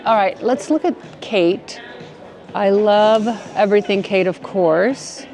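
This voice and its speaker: A woman's voice: mid-range voice, slow pace, darkish tone, faint music behind. Chatty, gushing woman vlogger. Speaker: fashion vlogger. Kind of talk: casual vlog chat. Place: shops and streets in a city.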